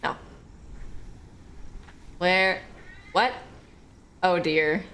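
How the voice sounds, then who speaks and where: A woman's voice: lowish voice, very slow, a bit bright. A woman streaming a horror game, chatting casually, joking and swearing freely as she plays. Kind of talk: casual gaming commentary.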